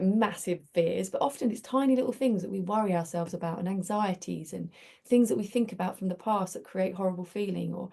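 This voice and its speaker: A woman's voice: mid-range voice, vocal fry, warm tone. A woman hosting a community group, talking in a chatty, reflective way and telling stories with many restarts. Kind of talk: casual reflective talk.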